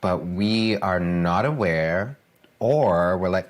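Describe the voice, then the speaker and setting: A man's voice: sits low, lively intonation, takes it slowly. A man speaking as a coach on a podcast, emphatic and earnest, repeating key phrases and often asking "right?" to draw agreement.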